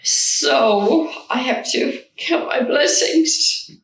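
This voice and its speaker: Slow, gravelly woman in a roomy space. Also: high-pitched. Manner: slow, reflective, measured. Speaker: caregiver of a spouse. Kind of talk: interview testimony. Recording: roomy sound, distant mic.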